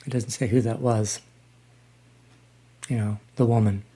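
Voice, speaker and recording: A man in his sixties talking casually as he reacts to music, halting with frequent ums and restarts. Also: medium pitch, steady tone, mellow, husky. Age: 60s. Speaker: reaction channel host.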